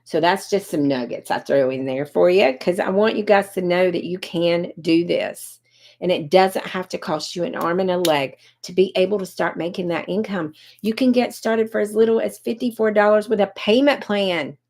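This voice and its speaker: Chatty woman pitching on a livestream. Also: normal speed, creaky, darkish tone. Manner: chatty, addresses viewers directly, answers comments by name. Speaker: online marketing coach on a livestream.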